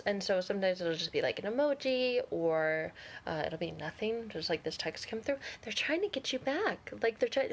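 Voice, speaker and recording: A woman's voice: fairly high pitch, very animated, moderate pace, breathy edge. A woman vlogger talking casually to camera, candid and sarcastic, often laughing.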